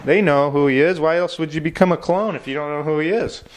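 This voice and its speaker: A man's voice: on the high side, fast talker. A man delivers a rambling stand-up bit. He swears freely and talks in a loose, laid-back way. The delivery sounds offhand rather than polished. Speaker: comedian.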